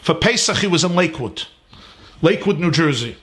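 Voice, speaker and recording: A man's voice: a little high, animated, fairly quick, a bit bright. A man, a rabbi, giving an earnest, emphatic sermon-style class from his home, building his points in rising lists.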